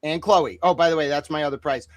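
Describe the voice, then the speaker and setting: A man's voice: fairly high pitch, fast, dry recording. A man on a boxing talk stream, joking and boasting in profane, rambling riffs. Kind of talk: casual livestream banter.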